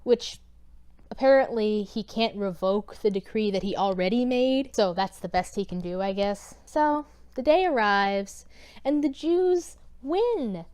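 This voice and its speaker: A woman's voice: medium pitch, unhurried, darkish tone, smooth. A young woman in her twenties casually retelling a scripture story to her channel, irreverent and wry. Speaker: YouTuber.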